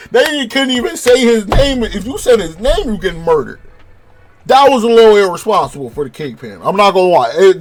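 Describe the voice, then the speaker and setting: A young man from California giving a rambling, profanity-heavy casual review of a TV episode. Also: sits high. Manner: profane, rambling, animated retelling. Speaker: show reviewer.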